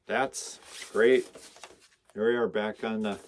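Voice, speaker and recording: A man's voice: fairly low pitch, fairly even intonation, unhurried. A man chatting casually and with enthusiasm as he shows his records, rambling from one to the next and reading off song titles. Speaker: record collector vlogger. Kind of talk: casual chat showing records.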